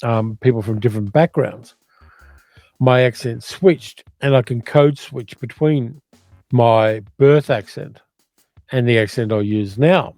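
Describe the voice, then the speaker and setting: A man's voice: mid-range voice, a little slow, a little mellow, no echo, faint music behind. An older man with an educated Australian accent, chatting casually as a livestream host while reading out viewer comments and musing on them. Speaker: movie channel host reading live chat.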